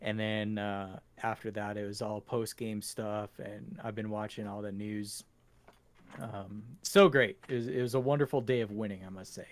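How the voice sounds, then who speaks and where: A man's voice: fairly low pitch, little pitch movement, normal speed, a little hiss or hum. A man co-hosting a gaming podcast in casual chat, rambling and laughing often. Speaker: podcast co-host. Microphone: home computer setup.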